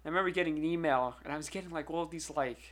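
Excitable young man, high bright voice. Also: rapid-fire. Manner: excitable storyteller, repeats words and restarts often. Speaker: podcast co-host. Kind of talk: casual chat.

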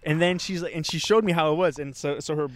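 A young man, one of the podcast's co-hosts, talks fast in a slightly high voice while telling a rambling story full of swearing, laughs and restarts. The chat is casual and recorded outdoors in a park, with a little hiss or hum present.

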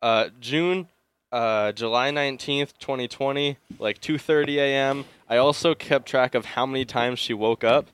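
A man's voice: mid-range voice, moderate pace, fairly bright tone, clean tone, dry recording. A young man co-hosting a podcast, telling a story in a rambling way, with many fillers and bursts of laughter. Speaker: podcast co-host. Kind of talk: casual chat.

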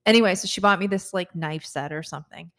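This podcast co-host has a lowish, fairly bright voice and talks fast. She keeps things casual, spinning stories and laughing frequently.

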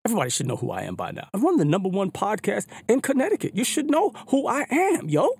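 A man hosting a podcast, talking casually and at length in an animated, slangy way, often repeating words. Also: high voice, fast, creaky, slightly rough, no echo. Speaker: podcast host. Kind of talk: casual opinion monologue. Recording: hip hop music underneath. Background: hip hop music.

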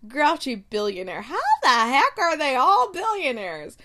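A woman's voice: high-pitched, big pitch swings, a little slow, few pauses, pushed and bright. A woman chatting casually about books, laughing and reacting in disbelief as she reads blurbs aloud. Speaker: book vlogger. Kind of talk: casual book review chat.

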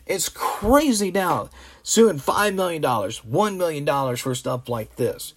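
A man talking on his own channel in a loose, rambling commentary. His voice sits somewhat high, and he sounds exasperated and opinionated as he trips over restarts. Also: lively intonation, unhurried, slight background noise. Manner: rambling, full of restarts and fillers. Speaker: vlogger.

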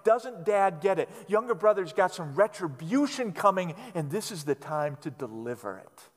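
A man preaching a sermon as pastor, emphatic and repetitive, letting phrases sink to a quiet, low finish. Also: very animated, normal speed. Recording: long hall reverb.

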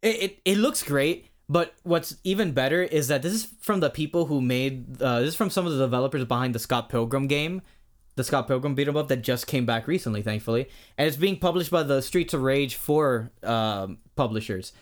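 A young man co-hosting a casual podcast, talking excitedly and rambling, with frequent swearing. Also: mid-range voice, a little fast. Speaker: podcast co-host. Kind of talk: casual chat.

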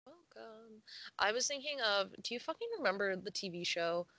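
A woman's voice: medium pitch, lively intonation, moderate pace, bright, forceful tone, rough recording. A young woman co-hosting a casual podcast, reading a news story aloud with frequent giggles and casual swearing. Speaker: podcast co-host.

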